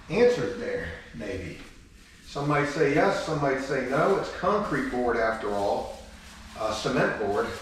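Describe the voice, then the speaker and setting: Laid-back, cussing man in an echoey bathroom. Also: a little high. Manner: laid-back, profane, joking. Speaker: vlogger. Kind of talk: casual home-renovation vlog. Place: house under renovation, bathroom. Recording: echoey room, faint background noise.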